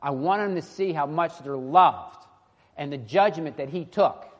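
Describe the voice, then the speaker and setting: A man's voice: fairly high pitch, unhurried, muffled recording. A young man preaching a sermon in an earnest, impassioned way, often restarting his sentences. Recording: long hall reverb.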